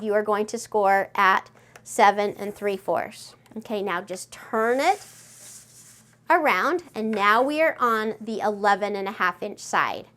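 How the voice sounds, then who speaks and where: A woman hosting a step-by-step craft tutorial, chatty and friendly, gushing with excitement over her project. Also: mid-range voice.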